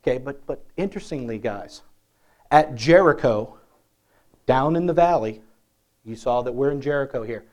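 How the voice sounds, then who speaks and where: A man preaching a sermon in a lively, conversational way, often asking the congregation questions. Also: mid-range voice, normal speed, pauses often. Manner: animated, conversational, asks the crowd questions.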